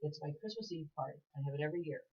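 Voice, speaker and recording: A woman's voice: deep voice, slightly rough. A woman chatting casually as co-host of a local talk show. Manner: fast, chatty and animated. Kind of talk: casual chat. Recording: dull lo-fi livestream recording.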